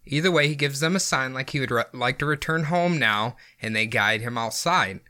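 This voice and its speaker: Man, podcast host, casual storytelling, bright tone, giggly. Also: medium pitch, normal speed. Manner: giggly, often laughing through his reading.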